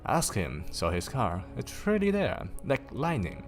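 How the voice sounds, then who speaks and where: A man reading aloud and voicing a cheeky, excited young male twin wizard in a storybook. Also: mid-range voice, a little slow, faint music behind, pitched above the performer's own voice. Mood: teasing.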